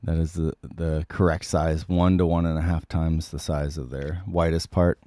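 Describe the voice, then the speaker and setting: A man with a very deep, mellow voice chats loosely through a livestream, his voice a little sick. He fills gaps with ums and keeps clearing his throat. The sound is dry and close. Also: flat delivery, moderate pace, no room sound. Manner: rambling, many ums, frequent throat clearing. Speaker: livestream host reading viewer comments. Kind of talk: casual livestream chat.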